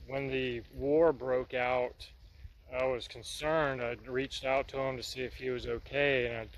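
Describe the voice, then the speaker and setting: A man's voice: mid-range voice, little pitch movement, measured pace, a little hiss or hum. A man talking casually about his project in a workshop vlog, rambling and folksy. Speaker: vlogger.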